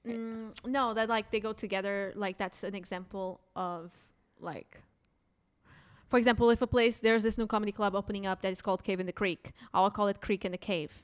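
A woman from Portugal with a Portuguese accent, a native Portuguese speaker, chatting casually in an animated, gushing way. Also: mid-range voice, a little fast, clean tone. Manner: animated, gushing, restarts often. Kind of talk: casual chat.

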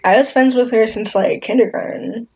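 A woman's voice: fairly high pitch, normal speed, vocal fry, crowd noise, low-quality recording. A young woman casually chatting and telling a story to friends in a laid-back, giggly way. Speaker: friend in group chat.

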